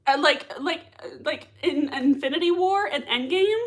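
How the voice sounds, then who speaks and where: A woman hosting a casual livestream, chatting excitedly and giggling while reading viewer comments. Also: sits high, a little slow. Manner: excitable, giggly, many fillers. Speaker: livestream host reacting to a TV show.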